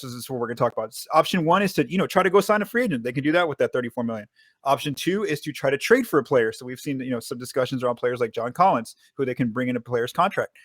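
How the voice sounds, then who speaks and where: A man hosting a sports podcast, talking fast and casually with many fillers and restarts. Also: medium pitch, dry recording, clean studio sound. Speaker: podcast host.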